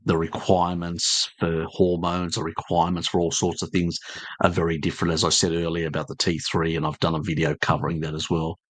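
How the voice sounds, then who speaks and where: A low-pitched Australian man hosts a casual live stream, answering his chat bluntly and with plenty of jokes. He rambles along with lots of ums and uhs. His voice sounds dry and close, with no room echo. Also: little pitch movement, a little fast. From Tasmania, Australia. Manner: blunt, joking, rambling with fillers.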